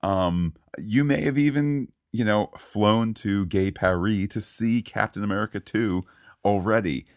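A man's voice: on the low side, no room sound, clean studio sound. A man hosting a casual podcast, bantering playfully with his co-host and leading the show.

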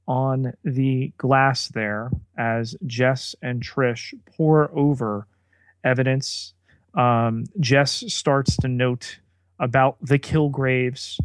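A man co-hosting a podcast, narrating plot beats in a measured recap. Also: mid-range voice, dry recording. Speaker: podcast co-host. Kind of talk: casual episode recap.

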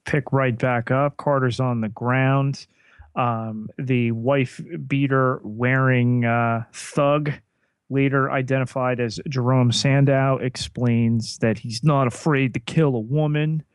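A man co-hosting a podcast, recapping a TV episode in a measured way with frequent fillers. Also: medium pitch, steady tone, smooth, no echo. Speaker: podcast co-host.

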